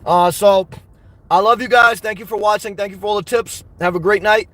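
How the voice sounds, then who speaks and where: Man, very high voice, dry close sound, rambling live-stream banter, crude jokes. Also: fairly even intonation, brisk, no echo. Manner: rambling, joking, reads out chat comments; crude and loud, laughs often. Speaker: livestream host. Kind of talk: live-stream chat with viewers.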